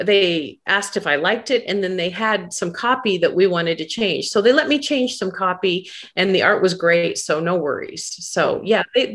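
A woman author chatting on a video call, upbeat and chatty, often pausing and restarting her sentences. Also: on the low side, fairly bright tone. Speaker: guest author. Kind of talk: casual chat on a video call.

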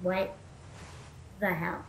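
A woman's voice: fairly low pitch, flat delivery, extremely slow, reverberant, slight background noise. A woman streaming as a VTuber, chatting goofily through a game with jokes and the odd swear. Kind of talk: gameplay commentary.

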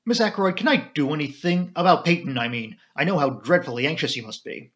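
A man voicing a gruff middle-aged army major who talks in clipped, terse phrases. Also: fairly high pitch, expressive, fairly quick, fairly bright tone. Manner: clipped, terse, drops sentence subjects.

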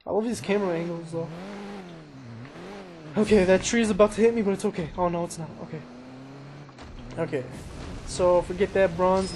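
A man casually commentating his own racing gameplay, excitable and self-mocking, talking to himself as he plays. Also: high-pitched, normal speed, pauses often. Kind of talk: casual let's-play commentary. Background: engine noise and crashes from the game.

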